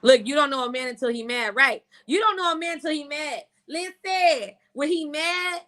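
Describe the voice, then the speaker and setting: Brash, high, bright-voiced woman. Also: moderate pace. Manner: brash, profane, animated storytelling. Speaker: podcast host. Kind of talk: casual chat.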